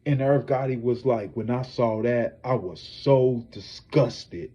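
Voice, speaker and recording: Man, gossip livestream host, cussing, animated, dark muffled voice, husky, lo-fi. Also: mid-range voice, takes it slowly. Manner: profane, animated, talks straight to viewers. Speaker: psychic tarot reader and gossip host. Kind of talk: casual celebrity gossip livestream.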